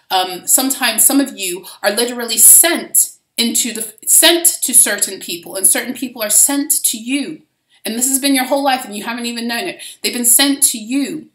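A woman with a bright, forward tone talks through a spiritual reading, swearing freely and often restarting her sentences. Her voice sits a little high and rings out in a roomy, echoing space. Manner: rambling, profane, with frequent restarts. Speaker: spiritual reader. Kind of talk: casual spiritual reading monologue. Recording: roomy echo.

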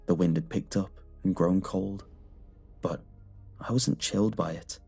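A man reading a horror story aloud in a measured, scripted narration. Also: deep voice, creaky, breathy edge. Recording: soft music underneath.

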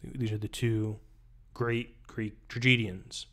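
A man's voice: on the low side, level tone, takes it slowly, a bit bright. A man, a rhetoric professor, doing a live-streamed close reading, reading passages aloud and breaking off into wry, chatty asides.

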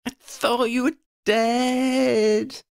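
A man reading a storybook, voicing a frightened, excitable young boy with high, panicky cries. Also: drawn-out words, creaky, smooth, dry recording, clean studio sound, full character voice. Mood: panicked.

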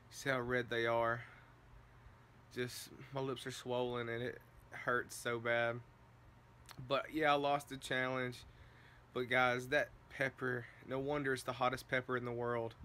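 A man's voice: mid-range voice, bright, forceful tone, a little hiss or hum. A man vlogging casually to his viewers, exclaiming and repeating himself as he talks. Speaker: vlogger doing a food challenge. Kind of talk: casual vlog talk to camera.

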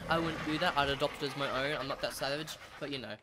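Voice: medium pitch, fast talker. A gaming channel host, chatting through gameplay commentary and talking to the animals in the game. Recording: steady background noise.

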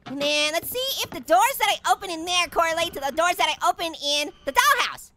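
A woman's voice: expressive, fairly quick, pushed and bright, exaggerated voice. A woman voicing a hyper, giggly cartoon orange who rambles and jokes through a let's play commentary. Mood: goofy. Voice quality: squeaky, bouncy, silly. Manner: rambling, joking, giggling at own gags. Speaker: gameplay commentator.

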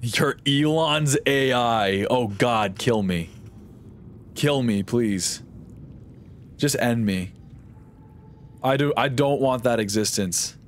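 A man's voice: medium pitch, takes it slowly, pauses often, a little hiss or hum. A young man streaming a game live, chatting in a rambling, jokey, sarcastic way. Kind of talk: casual live-stream chat while gaming.

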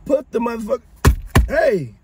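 High-voiced man cursing and yelling in a car. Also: big pitch swings, normal speed. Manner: profane, stammering, yelling. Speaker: prank target, passenger. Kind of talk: heated casual argument. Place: inside a car. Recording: car interior noise.

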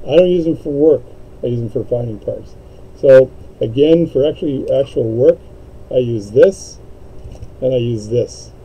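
A man's voice: medium pitch, moderate pace, mellow, breathy edge, low-quality recording. A man showing his watchmaking tools in a home workshop, chatting in a rambling, jokey way with many fillers. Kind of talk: casual show-and-tell.

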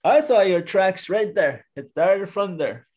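A man doing a loud, mocking, boastful bear. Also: high voice, animated, measured pace, voice pushed up. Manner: teasing, loud, laughing at others. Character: boastful mocking male bear, fast and proud. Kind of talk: oral storytelling.

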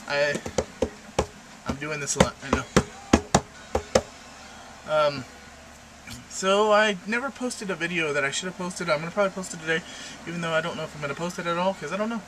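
A man's voice: fairly quick, long pauses. A young man rambling and joking in a casual vlog from his room at the computer, with random asides. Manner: random, jokey, rambling with sudden pitch jumps. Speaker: vlogger. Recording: noisy home recording.

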